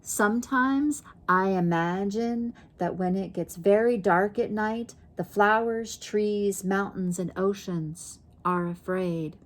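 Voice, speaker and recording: A woman reading a children's picture book aloud in a gentle, unhurried way, pausing to ask her listeners questions. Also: mid-range voice. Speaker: storybook reader.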